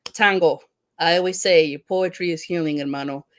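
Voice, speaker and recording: A woman's voice: lowish voice, normal speed. A woman teacher speaking in a heated, impassioned discussion, swearing freely and often restarting her sentences as she rants. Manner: heated, profane, ranting; frequent restarts and stumbles. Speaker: teacher and panel guest.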